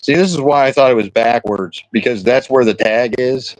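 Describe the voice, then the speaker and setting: A man's voice: medium pitch, moderate pace, dry recording, poor audio. A man streaming casually, telling rambling, crude jokes and stories with lots of restarts. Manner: rambling, crude joking banter with frequent restarts. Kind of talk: casual chat.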